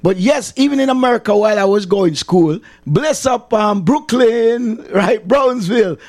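A middle-aged Jamaican chaplain talking casually to a livestream audience, repeating himself for emphasis and slipping into patois. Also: male voice, high-pitched, lively intonation, moderate pace, a little mellow. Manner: repetitive, emphatic, slips into patois.

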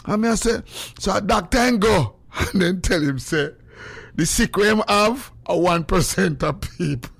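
A man hosting a show, telling stories in a lively, laughing way and quoting himself and others. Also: high voice, normal speed, gravelly, slightly rough, dry recording. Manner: animated, laughs often, quotes himself. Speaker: show host. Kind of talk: casual storytelling chat.

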